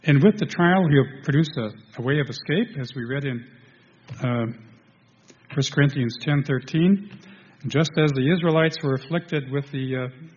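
A man preaching a sermon to a congregation, halting, restarting, and filling pauses as he goes. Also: mid-range voice, husky. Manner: halting, with many restarts and fillers. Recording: dull lo-fi sound in a reverberant hall.

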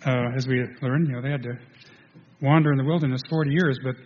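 Guy giving a sermon, kinda husky, stops and restarts a lot, long hall echo. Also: mid-range voice, fairly even intonation. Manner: halting, with many restarts and fillers. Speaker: preacher. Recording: dull lo-fi sound in a reverberant hall.

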